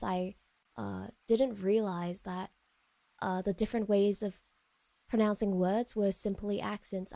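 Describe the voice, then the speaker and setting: A woman casually chatting to viewers on a live stream, wandering and hesitant with lots of fillers and restarts, often trailing into soft, low murmurs. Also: dry recording.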